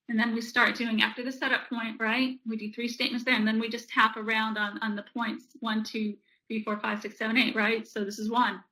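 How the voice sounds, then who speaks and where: Energetic woman teaching a technique. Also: a little high, fairly quick, hardly any pauses, poor audio. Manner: energetic, checks in with "right?". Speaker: presenter and author. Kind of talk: instructional presentation.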